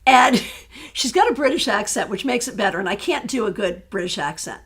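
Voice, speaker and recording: A woman tarot reader chatting casually on a live stream, answering viewer questions in an animated way that breaks into laughter. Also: medium pitch, brisk, husky.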